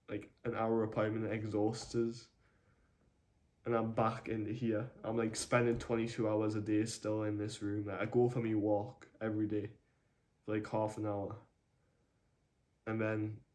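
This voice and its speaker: A man speaks into his camera from his own room, voice pitched on the low side and barely rising or falling. He talks in a halting, subdued way and keeps stopping to look for the right words. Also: darkish tone. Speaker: vlogger. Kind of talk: personal video diary.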